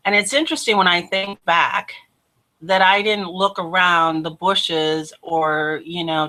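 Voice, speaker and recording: A woman hosting her own show, telling a personal testimony in an animated way, laughing often and acting out what people said. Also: fairly low pitch. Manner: animated, laughs often, acts out quoted voices. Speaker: host.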